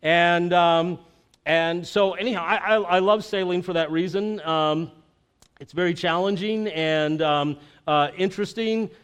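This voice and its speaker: Pastor, man, middle-aged, relaxed sermon delivery with frequent fillers; clear, slightly high voice. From Florida. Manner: halting, many fillers and restarts. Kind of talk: conversational sermon.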